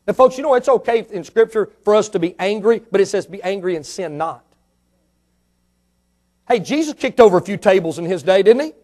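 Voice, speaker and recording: A male preacher with a very high voice delivers a fervent sermon. He keeps asking the congregation rhetorical questions. His delivery swings from hushed to loud and back again.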